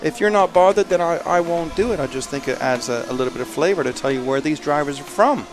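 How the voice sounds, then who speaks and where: A man commenting live on a race in a chatty, self-deprecating way, with excitable bursts. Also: a little high, fast. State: a little out of breath.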